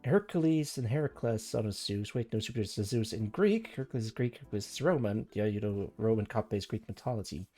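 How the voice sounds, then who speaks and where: Man, low voice, casual stream chat, rambling, thinking aloud, faint background music. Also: lively intonation, quick pace, few pauses, warm tone.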